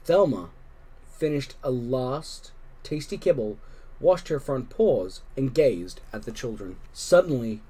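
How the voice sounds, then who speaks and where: A man narrates a children's book aloud in a gentle, expressive read-along style. His voice sits at an ordinary pitch with a mellow, warm tone. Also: breathy edge. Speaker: storybook reader.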